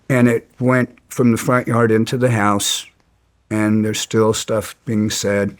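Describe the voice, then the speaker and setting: A man's voice: on the low side, monotone, slow. A man as an interview guest, telling stories bluntly and with some resentment, stumbling and restarting his sentences. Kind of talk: casual storytelling.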